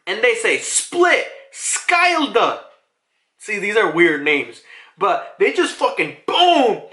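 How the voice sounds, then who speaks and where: An excitable man reviews a comic chapter in casual talk and swears freely. His voice is high and bright and swings widely in pitch. The room sounds roomy and echoey. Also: unhurried. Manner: excitable, swears and laughs often. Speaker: manga reviewer. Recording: roomy echo.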